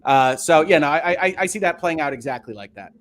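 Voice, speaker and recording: A man talking on a gaming podcast panel, lively and fond of acting out imagined dialogue. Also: a little high, fairly quick. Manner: animated, acts out quoted dialogue. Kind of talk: casual panel discussion.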